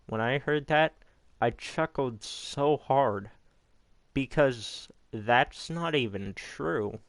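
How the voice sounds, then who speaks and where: A man recapping results in a slow, unhurried delivery, rambling and opinionated and not shy about swearing. His voice is smooth and clear, recorded close in a dry room. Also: mid-range voice, no room sound. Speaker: YouTube wrestling recap host. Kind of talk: casual recap commentary.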